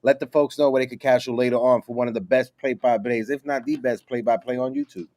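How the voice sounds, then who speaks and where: A man's voice: mid-range voice, fairly even intonation, fast talker, dark tone. A man hosting a casual sports podcast, talking in a loose, joking way. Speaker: host.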